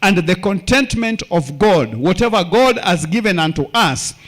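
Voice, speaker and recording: Male elder, high voice, sermon with call-and-response prompts. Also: expressive, normal speed, a bit bright. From Kenya. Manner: call-and-response questions, repeats key phrases. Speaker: church elder preaching.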